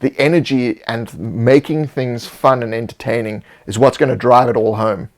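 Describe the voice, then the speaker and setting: Relaxed rambling man giving tips. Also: mid-range voice, moderate pace. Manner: relaxed, rambling, frequent restarts. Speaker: co-host giving game master tips. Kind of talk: casual advice chat.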